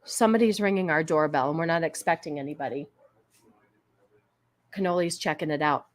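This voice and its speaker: A woman's voice: low voice, brisk. A woman hosting a casual live stream, talking back to chat in an exasperated, argumentative way and thanking donors. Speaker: livestream host. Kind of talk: casual political commentary stream.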